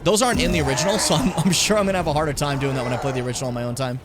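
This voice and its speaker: A man's voice: fairly high pitch, very fast, loud music behind the voice. A young man casually commenting on a game as he plays it, chatting with viewers and swearing often. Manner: chatty, swears a lot, talks to chat. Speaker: streamer.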